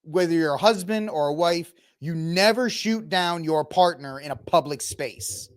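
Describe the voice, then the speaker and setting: A man in his thirties from Texas hosts an opinionated reaction commentary, speaking at a moderate pace in a slightly high voice. His manner is animated and opinionated, full of mocking asides and impressions.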